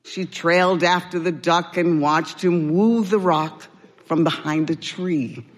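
Slow, gentle woman reading a story. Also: fairly low pitch, fairly even intonation, in a large hall.

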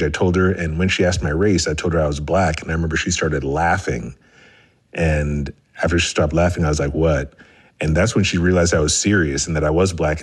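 Caller, male, from Nigeria; deep, husky, calm storytelling.

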